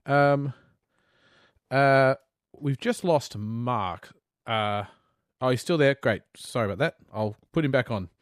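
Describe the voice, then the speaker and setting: Aussie radio host in a dead dry studio, friendly upbeat patter to listeners. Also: male voice, medium pitch, slow, pauses often, no room sound. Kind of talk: talkback radio hosting. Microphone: studio microphone.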